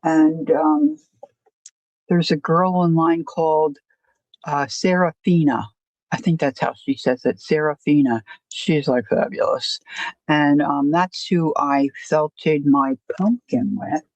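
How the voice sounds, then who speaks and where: A woman's voice: low voice, slow, darkish tone, no echo, dull audio. A woman hosting a casual crafting livestream, rambling and self-deprecating, often stopping to restart her sentences. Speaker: crafting channel host.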